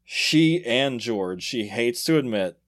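A man's voice: mid-range voice, slow. A man hosting a podcast, casually telling a story and laughing often as he goes. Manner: laughs often, animated retelling with acted quotes. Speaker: podcast host.

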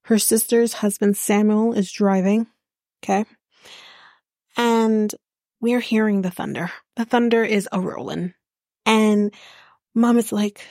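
A woman's voice: medium pitch, fairly even intonation, slow, pauses often, a little mellow, dry recording, studio quality. A woman hosting a podcast who recaps a reality show in a rambling, sarcastic way and swears freely. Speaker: podcast host. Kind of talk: casual chatty reality TV recap.

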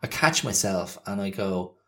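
A man's voice: low-pitched, lively intonation, unhurried, a bit bright. A man hosting a podcast, talking through his thoughts in a reflective monologue and searching for words as he goes. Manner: thoughtful, searching, many fillers and restarts. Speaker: podcast host.

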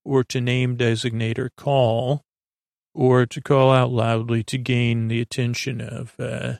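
A man hosting a sleep podcast, recapping an episode in a halting, rambling way with many fillers and restarts. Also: medium pitch, vocal fry, no room sound, clean studio sound. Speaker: podcast host.

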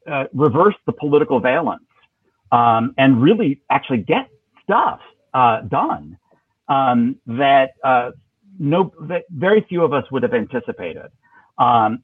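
A man's voice: medium pitch, slightly rough, no echo. A man as an interview guest, talking politics in a thoughtful, hesitant way with many fillers and restarts. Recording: tinny dry phone line.

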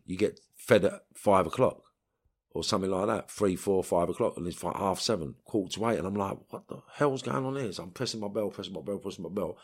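A man with a London accent, talking bluntly and streetwise in an interview, with bursts of swearing. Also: sits low. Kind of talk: storytelling interview.

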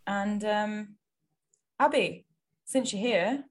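A woman's voice: mid-range voice, slow pace. A woman co-hosting a podcast, chatting in a friendly, loose way with her guest. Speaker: podcast co-host. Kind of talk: casual podcast chat.

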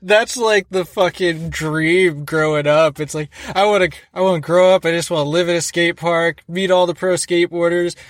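Excitable man with a higher voice, dry sound. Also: no echo. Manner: excitable, rambling, lots of fillers and swearing. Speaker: podcast host. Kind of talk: casual podcast interview.

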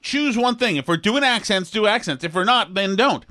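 A man's voice: high voice, expressive, normal speed, sharp tone. A man co-hosting a podcast in casual comedic chat, sarcastic and incredulous as he riffs. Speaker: podcast co-host.

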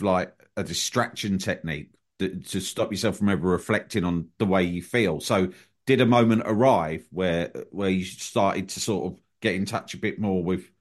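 A man hosting a podcast interview, asking long questions in a hesitant, searching way. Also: deep voice. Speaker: podcast host.

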